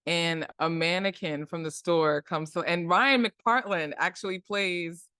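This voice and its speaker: A woman guest on a podcast, reacting with frequent laughter and animated chat. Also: on the low side, unhurried, clear, resonant tone, no room sound, studio quality. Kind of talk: casual chat.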